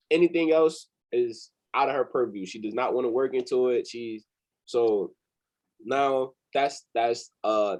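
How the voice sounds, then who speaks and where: Animated young man telling a story. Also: medium pitch, rough recording. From New Jersey. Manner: animated, swears freely, acts out quotes. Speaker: interview guest, company founder. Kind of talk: casual storytelling.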